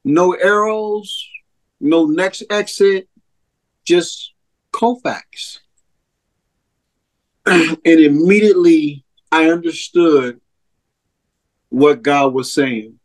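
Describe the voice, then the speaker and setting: A man telling his personal testimony as an interview guest, earnest and heartfelt. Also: fairly high pitch. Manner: earnest storyteller, slow and heartfelt. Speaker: interview guest, ministry co-founder.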